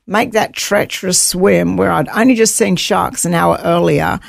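Low, gravelly-voiced woman telling her story. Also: moderate pace, no room sound, clean studio sound. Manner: earnest, voices her own thoughts in quotes. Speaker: interview guest. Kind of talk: personal storytelling in an interview.

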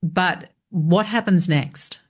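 A woman's voice: lowish voice, slow pace, breathy edge. A woman hosting a podcast interview, posing questions conversationally with everyday examples. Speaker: podcast host.

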